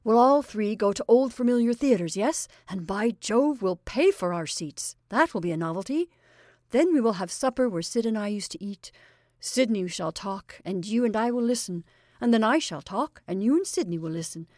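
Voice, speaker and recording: A woman voices a jolly middle-aged male stage actor who is gleeful and chatty, sounding exuberant, rambling and confiding. Her mid-range, darkish natural voice has lively intonation at a moderate pace. The recording is dry with clean studio sound.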